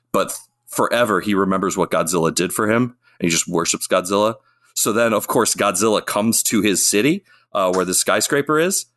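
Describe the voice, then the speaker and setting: In a casual podcast chat, a male co-host with a low, slightly bright voice rambles enthusiastically about monster movies and acts out quotes.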